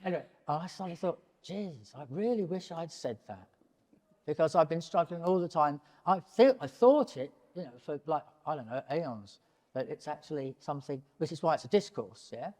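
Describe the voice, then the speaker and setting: An older man in his seventies holds forth to a gallery audience, animated and wandering, cutting himself off and restarting. His voice sits a touch high for a man. A long hall reverb trails behind every phrase. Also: fairly quick. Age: 70s. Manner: animated, digressive, breaks off mid-sentence. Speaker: painter and prize winner, interviewee. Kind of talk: public in-conversation talk.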